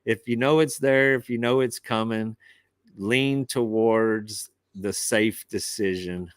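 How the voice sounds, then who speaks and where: A man's voice: lowish voice, slow, smooth, no room sound, clean studio sound. A man who is a fishing captain, telling boating stories and giving plain cautionary advice in a casual podcast chat over a remote call. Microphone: remote call over wifi.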